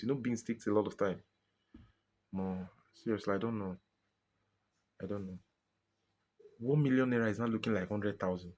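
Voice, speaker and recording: A Nigerian man venting in a frustrated personal monologue to his viewers, exasperated and pleading, often repeating himself. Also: lowish voice. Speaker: vlogger.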